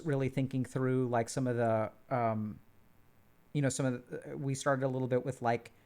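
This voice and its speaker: A man facilitating an online group session, talking casually with many fillers and restarts. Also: medium pitch.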